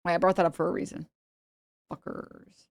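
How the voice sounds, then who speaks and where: A woman's voice: lowish voice, very animated, moderate pace, vocal fry, no echo, clean studio sound. A young woman streamer in casual commentary, rambling and sarcastic, often laughing and putting on mocking voices.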